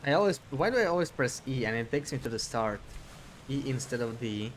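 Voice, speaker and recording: A man's voice: mid-range voice, very animated, fairly quick, a little hiss or hum. A man streaming a puzzle game, chatting casually and thinking aloud as he plays. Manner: thinks aloud while playing. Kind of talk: casual gameplay commentary.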